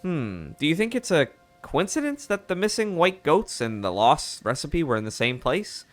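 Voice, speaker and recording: A man's voice: on the high side, big pitch swings, normal speed, soft background music. A man doing a folksy mid-Atlantic reporter. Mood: chummy. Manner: reads game dialogue aloud in a put-on voice. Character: male newspaper reporter, folksy and upbeat. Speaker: video game streamer.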